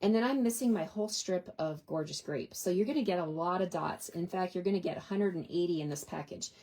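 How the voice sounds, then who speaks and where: Upbeat lady walking you through a card craft project, kinda low voice, chatty. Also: a little fast, warm tone. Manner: chatty, upbeat, talks to viewers while working. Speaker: papercraft demonstrator. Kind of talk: hands-on craft tutorial.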